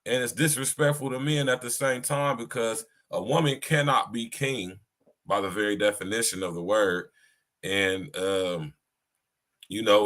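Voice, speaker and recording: A man's voice: mid-range voice, fairly bright tone. A man hosting a podcast in a blunt, casual way, full of slang and repeating himself. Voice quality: blunt, slangy and repetitive, often adds "you hear me". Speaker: podcast host. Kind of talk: casual chat.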